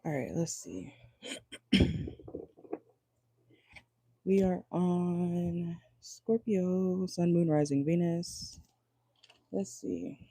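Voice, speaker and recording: A man reads tarot cards on a casual livestream, joking and chatting straight to his viewers with plenty of swearing. His voice is very dark and mellow and sits a touch high for a man. The sound is close and completely dry. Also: steady tone, extremely slow, creaky, pauses often, no echo. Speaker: tarot reader.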